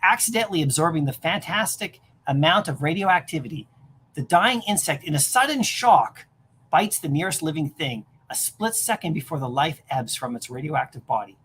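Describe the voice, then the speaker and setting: A woman streamer reads a comic aloud on a livestream. She is animated and breaks off for chatty asides. Her voice is husky and moves lively up and down. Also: low-pitched, normal speed.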